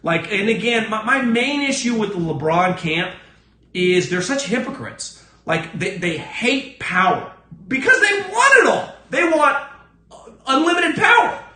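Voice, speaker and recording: A man's voice: sing-song, unhurried, bright, forceful tone, reverberant. A man hosting a sports podcast alone, giving blunt, profane, emphatic opinions. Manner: acts out other people's lines in a lower voice. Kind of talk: solo opinion rant.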